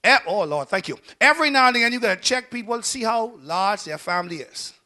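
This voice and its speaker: A Bahamian pastor preaches his sermon in a strikingly high voice that has a sharp, bright edge. He shouts his major points, then drops into quiet, low asides, keeping a lively intonation and a brisk pace.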